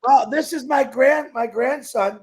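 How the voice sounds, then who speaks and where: A man's voice: very high-pitched, unhurried, husky. An older man, a grandfather, joking and teasing casually on a group video call. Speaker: panelist.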